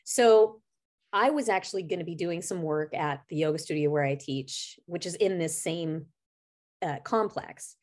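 A woman's voice: on the low side, moderate pace, a little mellow. A middle-aged woman co-hosting a podcast, telling a personal story in an earnest, reflective, conversational way. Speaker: podcast co-host.

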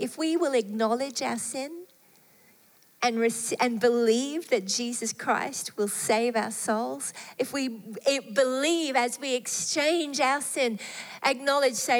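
A woman preaching a sermon with fervent delivery, rising to emphatic peaks and falling to hushed, soft phrases. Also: high voice, unhurried. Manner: fervent, swelling and dropping to soft tones. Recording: long hall reverb.

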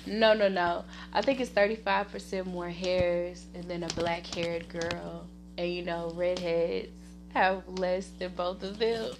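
A woman with a Southern US accent hosting her own podcast, rambling casually, laughing often and giving shout-outs to family and friends. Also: on the low side, flat delivery, unhurried, a little hiss or hum. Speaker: podcast host. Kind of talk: casual solo podcast chat.

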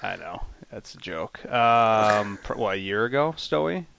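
A man's voice: lowish voice, expressive, a little slow, creaky, a bit bright, slight background noise. A man co-hosting a podcast, joking and hesitant with fillers in casual chat. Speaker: podcast co-host. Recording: dull lo-fi audio.

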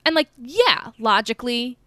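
A woman's voice: fairly high pitch, animated, moderate pace, bright, forceful tone, no room sound. A woman co-hosting a podcast, chatting casually about a film with lots of fillers and the odd swear word. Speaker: podcast co-host.

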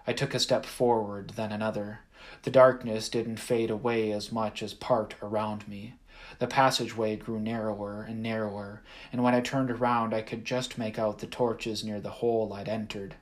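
A man reading a first-person audiobook in a measured, even storytelling manner. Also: lowish voice. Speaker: audiobook narrator.

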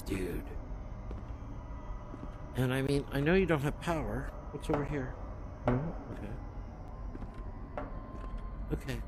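A man's voice: mid-range voice, expressive, slow, long pauses, slight background noise. A man giving casual, joking commentary as he walks through an old hotel, talking aloud to empty rooms, recorded on a camera mic while he moves. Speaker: cannabis podcast host touring a haunted hotel. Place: old hotel building, indoors.

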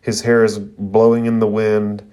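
A man's voice: lowish voice, monotone, a little slow, mellow. A man retelling a cartoon episode in a casual review, with fillers. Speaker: anime reviewer.

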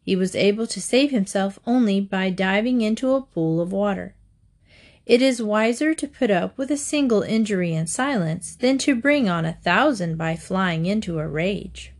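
A woman reads storybook fables aloud at a middle pitch. Her delivery is clear and measured, a steady storytelling voice. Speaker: narrator.

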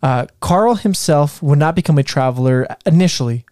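A man's voice: a little high, animated, moderate pace, dark tone, clear, resonant tone, no room sound, clean studio sound. A man co-hosting a casual history podcast, reading from notes with many fillers and restarts. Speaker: podcast co-host presenting history.

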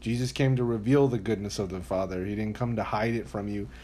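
A man's voice: fairly low pitch, steady tone, a little fast, mellow. A man hosting a casual faith podcast, talking earnestly and a little like a preacher. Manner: earnest, preachy, acts out quotes. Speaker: podcast host.

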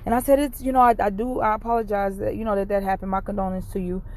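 A woman's voice: medium pitch, fairly even intonation, fast talker, darkish tone. A woman tells a story on her own podcast, recorded from inside her parked car. Her talk is casual and chatty, and she keeps turning to address her listeners directly. She sounds encouraging and upbeat throughout. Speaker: podcast host. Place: parked car, rain outside.

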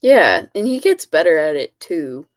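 A woman's voice: deep voice, big pitch swings, measured pace, dry recording. A woman co-hosting a podcast, from California, chatting casually and filling her talk with "like.". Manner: chatty, heavy use of "like". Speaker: podcast co-host. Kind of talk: casual chat.

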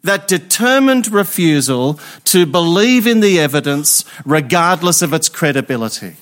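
A man's voice: on the high side, very animated, moderate pace, hardly any pauses, a bit bright. A man preaching an Easter Sunday sermon, emphatic and fond of rhetorical questions.

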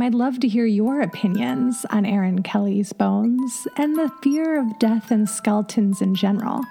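A woman hosting a podcast, telling a spooky folk tale in a measured, dramatic, scripted narration and then reading the show notes. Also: medium pitch, warm tone. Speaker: podcast host.

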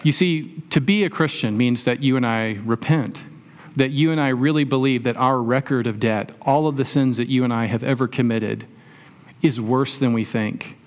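A man's voice: mid-range voice, moderate pace. A man preaching a sermon as a pastor, talking to the congregation in a conversational way, asking rhetorical questions and using everyday examples.

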